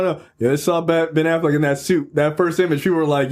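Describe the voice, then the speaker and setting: A man hosting a podcast in casual chat, excitable and laughing, often saying "yo". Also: a little high, fast. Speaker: podcast host.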